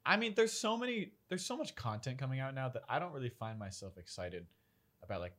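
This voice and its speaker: A man's voice: medium pitch, expressive, brisk, a bit bright. A man co-hosting a casual podcast chat, laid-back and offhand. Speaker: podcast co-host. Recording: noisy background.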